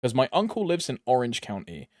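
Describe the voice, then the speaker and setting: A man's voice: medium pitch, wildly swooping pitch, fairly quick, a little mellow, dry recording, studio quality. A young man streaming a game, chatting casually in a rambling way, laughing often and calling his viewers bro. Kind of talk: casual chat while gaming.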